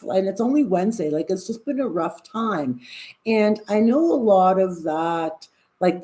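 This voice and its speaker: A woman's voice: mid-range voice, warm tone. A woman in her sixties chatting casually to her livestream viewers, rambling and candid, with restarts and the odd frank swear word. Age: 60s. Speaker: vlogger.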